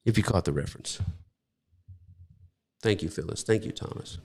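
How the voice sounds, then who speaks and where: Gravelly-voiced man preaching a sermon. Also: sits low, moderate pace, darkish tone, big-room sound. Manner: preaching with rhetorical questions, emphatic and conversational. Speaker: pastor.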